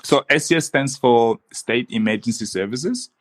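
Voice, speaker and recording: A man's voice: mid-range voice, moderate pace. A young man, a podcast guest talking casually and earnestly, with many restarts. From Congo. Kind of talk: casual conversation.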